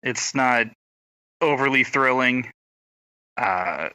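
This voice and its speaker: A young man with a rural Oklahoma accent rambles through a story, stopping to act out other people's lines. His voice is very bright and sits at a middle pitch. The sound is dry and close to the mic. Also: takes it slowly, smooth, no echo, poor audio. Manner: rambling storyteller, acts out quotes. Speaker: podcast co-host, brother. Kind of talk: casual chat.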